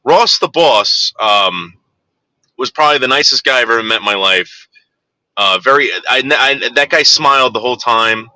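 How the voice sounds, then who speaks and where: Brief: crude, digressive man in his forties, very bright tone, dry close recording. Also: mid-range voice, lively intonation, moderate pace, no echo, rough recording. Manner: rambling, crude, digressive, frequent fillers. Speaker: storyteller. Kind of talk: rambling anecdote.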